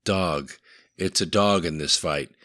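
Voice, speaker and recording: A man's voice: deep voice, takes it slowly, bright, forceful tone, no room sound, clean studio sound, exaggerated voice. A man voicing a young American accomplice in a storybook, polite and eager.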